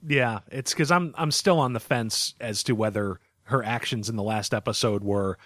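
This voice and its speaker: A man's voice: lowish voice, moderate pace, a bit bright, dry recording, studio quality. A man in casual podcast chat, with a laid-back, wry way of talking.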